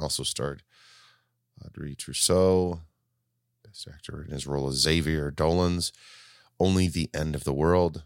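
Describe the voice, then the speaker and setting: A man's voice: extremely low pitch, smooth, no room sound, studio quality. A man hosting his podcast alone, talking casually and rambling with frequent restarts. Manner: rambling, self-correcting, chatty. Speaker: podcast host. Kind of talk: casual solo podcast talk.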